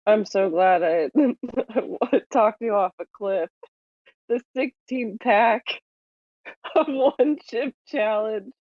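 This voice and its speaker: A woman in a casual chat, blunt and quick to laugh. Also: a little high, dry recording, phone-quality sound.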